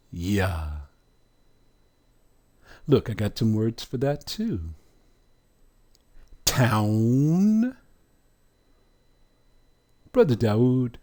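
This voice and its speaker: A man teaching a religious language lesson, drawing out letter sounds slowly and putting questions to the listener. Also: medium pitch, dark tone.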